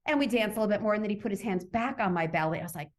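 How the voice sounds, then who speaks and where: Woman, interview guest, lively personal storytelling, voices her own thoughts, video call. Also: medium pitch, rapid-fire. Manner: animated, acts out her own inner voice. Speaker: summit guest, author.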